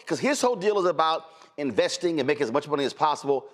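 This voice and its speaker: A man's voice: a little high, fast, hardly any pauses, soft background music. A middle-aged man from Houston hosting a talk show, arguing his point in an emphatic, opinionated way. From Houston, Texas. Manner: emphatic, argumentative, animated.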